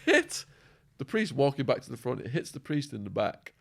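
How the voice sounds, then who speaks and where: A man telling prison stories as a podcast guest, acting out quotes and laughing, his voice going hoarse. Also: mid-range voice, normal speed. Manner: animated storyteller, acts out quotes, laughs. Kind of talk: storytelling interview.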